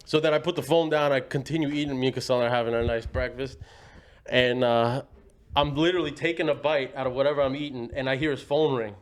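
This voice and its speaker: A man's voice: medium pitch, fairly even intonation, quick pace. A man hosting a casual podcast, telling a rambling anecdote full of quoted dialogue. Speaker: podcast host. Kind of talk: casual storytelling chat.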